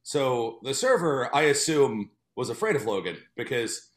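A man's voice: mid-range voice, sing-song, moderate pace. A man telling a funny story in casual chat, laughing often as he talks. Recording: echoey room.

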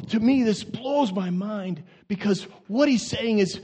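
A male pastor preaching in a church, animated and laughing, often repeating words as he goes. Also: high voice, slow, breathy edge. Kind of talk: sermon. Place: church sanctuary.

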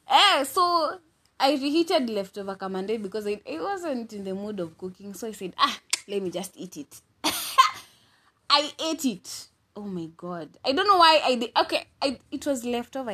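A woman's voice: medium pitch, fairly bright tone. A young woman with a Kenyan accent telling a dramatic storytime monologue, mixing in Swahili slang and laughing often. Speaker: vlogger.

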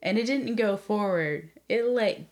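A young woman hosting a casual podcast, telling a story in a lively, animated way, laughing often and acting out the quotes. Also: mid-range voice, measured pace. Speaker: podcast host.

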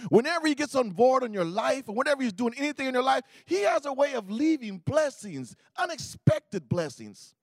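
Male preacher, very high voice, lively, dry close sound, storytelling sermon. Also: fairly quick, few pauses, dry recording. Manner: animated storytelling, acting out voices.

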